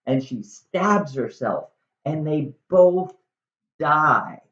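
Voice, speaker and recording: A man's voice: mid-range voice, animated, takes it slowly. A man casually retelling a play to viewers, with wry, conversational asides. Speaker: video host. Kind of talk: casual storytelling lesson. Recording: roomy, slightly dull recording.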